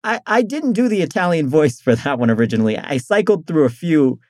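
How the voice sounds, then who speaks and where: A man's voice: on the high side, very animated, fairly quick, darkish tone, dry recording, clean studio sound. A man who is a comedy guest on a podcast, rambling in casual chat and laughing often.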